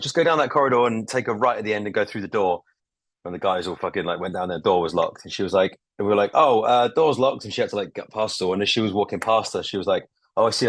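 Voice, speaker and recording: A man's voice: low voice, dry recording. A man co-hosting a podcast, telling a story in a loose, casual way and swearing often. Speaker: co-host.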